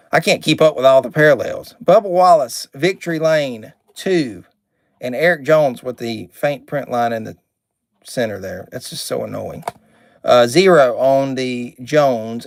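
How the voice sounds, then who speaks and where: A man's voice: medium pitch, creaky, no echo, clean studio sound. A man hosting a live card break stream, chatting, reading out names and card numbers, and sometimes getting irritated.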